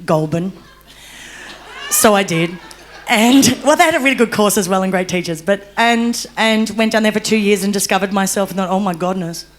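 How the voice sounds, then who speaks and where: A woman's voice: mid-range voice, moderate pace. A young Australian woman telling her own story on a discussion panel, candid, laughing often and turning tearful.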